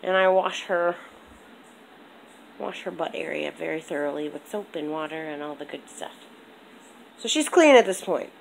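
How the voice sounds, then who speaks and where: A young woman chatting on a home vlog, rambling and animated, with a congested throat. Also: low voice, moderate pace, gravelly, pauses often, slight background noise, rough recording. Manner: rambling, animated storytelling with lots of "like". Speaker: vlogger. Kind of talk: casual vlog chat.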